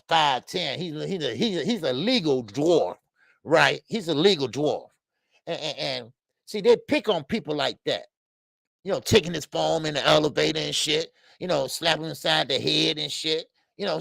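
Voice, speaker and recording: A man with a deeply gravelly, slightly raised voice rants on a boxing livestream. He talks bluntly and profanely, circling back to repeat his points as he gets worked up. The sound is close and dry, with no room around it. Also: animated, a little slow, a bit bright, no room sound. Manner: blunt, profane, repetitive, heated. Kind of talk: heated livestream rant.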